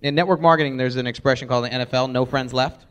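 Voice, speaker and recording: A man presenting a live sales workshop, energetic, acting out sample voicemails as he teaches. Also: medium pitch, very fast, clear, resonant tone, highs cut off.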